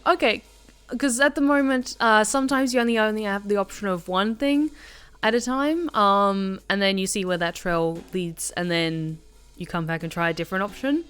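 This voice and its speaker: A woman streaming a story game, chatting casually and reacting with animated jokes. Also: mid-range voice, moderate pace, smooth, soft background music. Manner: animated, jokey, reacting and voicing the characters. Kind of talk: casual live-stream commentary.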